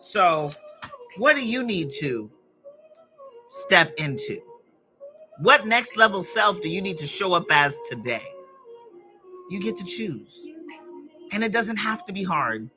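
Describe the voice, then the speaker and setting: A woman's voice: lowish voice, very animated, slow, pauses often, over music. A woman hosting a live stream, chatting and encouraging her viewers in a casual motivational way while she arranges flowers.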